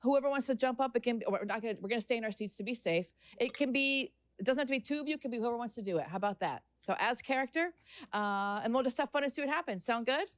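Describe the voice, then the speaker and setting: A woman's voice: on the high side, animated, fast talker, no echo. Woman hosting a panel, upbeat, laughs a lot, dry mic. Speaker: host. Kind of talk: casual panel chat.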